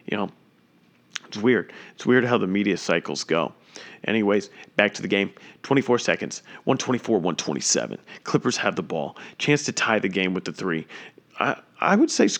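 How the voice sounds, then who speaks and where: A man giving casual live play-by-play of a basketball game as a fan, chatty and excitable, breaking into loud exclamations at big plays. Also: lowish voice.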